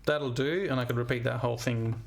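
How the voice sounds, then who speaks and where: A man's voice: mid-range voice, quick pace, gravelly. A man, a music teacher talking through a composition demo while thinking aloud. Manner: thinking aloud, scatting melodies. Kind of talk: screen-recorded composition demo.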